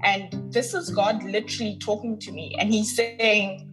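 A woman's voice: medium pitch, fairly even intonation, measured pace, hardly any pauses, music in the background, poor audio. A woman from the North West, a podcast guest telling a personal story in a heartfelt, emphatic way and repeating words for weight. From North West, South Africa.

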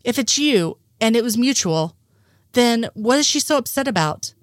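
Woman doing a nervous nerdy guy, innocent, slightly raised pitch. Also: lively intonation, moderate pace, no room sound, clean studio sound, close to an everyday voice. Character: nervous, well-meaning male conspiracy nerd.

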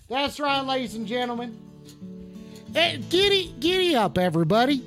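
Male comic host in a cowboy persona; rowdy, profane, rambling, sharp bright delivery. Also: very high-pitched, lively intonation, moderate pace, soft background music. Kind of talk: rowdy comedic rant.

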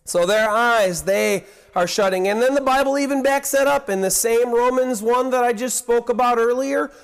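A man preaching a sermon, earnest, swinging between hushed asides and excited emphasis. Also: sits high.

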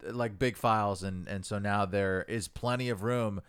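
A man's voice: lowish voice, fairly even intonation, moderate pace, a bit bright, clean tone, dry recording, clean studio sound. A man chatting as a laid-back, playful guest on a comedy podcast. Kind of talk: casual comedy podcast chat.

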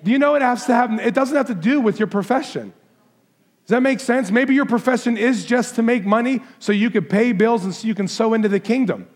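A man's voice: very high voice, a little fast. A man preaching a Christmas sermon, talking with the children in the congregation and asking them questions. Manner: warm, conversational preaching, walks into the crowd asking kids questions. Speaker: pastor.

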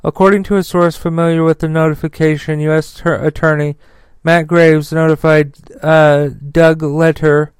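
A man hosts a political news commentary podcast in a fairly high, crisp voice. The sound is dry and close. He talks bluntly and swears freely, and reads the news haltingly with many fillers. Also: flat delivery, no echo. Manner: profane, blunt. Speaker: podcast host.

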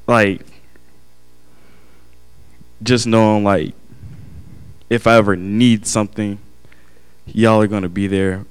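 A young man giving an earnest, halting personal testimony to his family and church, often restarting his sentences. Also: fairly low pitch, fairly even intonation, smooth.

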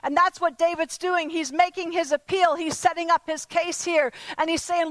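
A woman's voice: very high voice, fairly even intonation, normal speed, a bit bright, no room sound, poor audio. A woman preaching a sermon to a congregation, asking earnest repeated questions and often restarting her words. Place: church service before a congregation.

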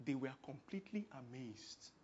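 Emphatic Nigerian male preacher, hushed to loud. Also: mid-range voice, expressive, moderate pace, muffled recording, a little hiss or hum. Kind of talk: sermon.

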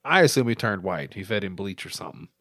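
A man's voice: low-pitched, big pitch swings, fast, fairly bright tone, no room sound, clean studio sound. A man hosting a casual reaction chat, joking and swearing freely. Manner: profane, laughing banter.

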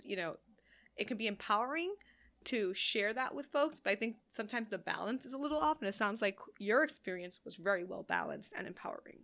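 A woman hosting an interview, speaking in a reflective, measured way. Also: mid-range voice, creaky, fairly bright tone. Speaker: host. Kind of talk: conversational interview.

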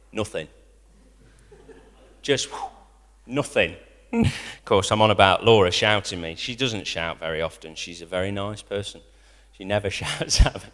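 Animated preacher in an echoing hall. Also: male voice, on the high side. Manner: animated, rising to near-shouts when quoting, dropping to quiet asides. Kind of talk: sermon. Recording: long hall reverb.

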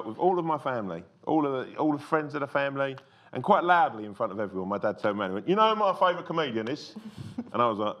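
A comedian in a casual interview, telling anecdotes and acting out other people's voices as he goes. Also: lowish voice. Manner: animated storyteller who acts out quoted voices. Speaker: comedian guest.

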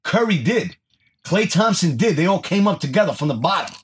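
A man co-hosting a podcast in casual chat, loud and profane, slipping Spanish slang into his talk. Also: high voice, sing-song, a little fast, slightly rough. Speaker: podcast co-host.

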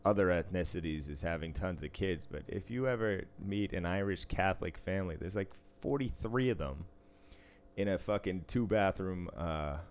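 A man with a very low voice chats casually. He rambles, swears freely and breaks into laughter as he tells his stories. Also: moderate pace. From Boston area, US. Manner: profane, rambling, laughs a lot. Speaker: podcast co-host, casino dealer. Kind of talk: casual chat.

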